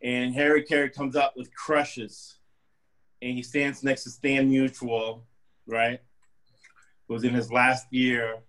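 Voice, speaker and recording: A man co-hosting casual sports talk, telling anecdotes with lively delivery. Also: medium pitch, takes it slowly, long pauses, rough recording. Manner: storytelling, animated anecdotes. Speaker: co-host.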